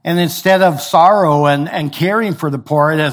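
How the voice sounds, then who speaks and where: A man's voice: fairly high pitch, expressive, normal speed, fairly bright tone. A man preaching a sermon in a conversational way, explaining scripture with everyday examples. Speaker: pastor.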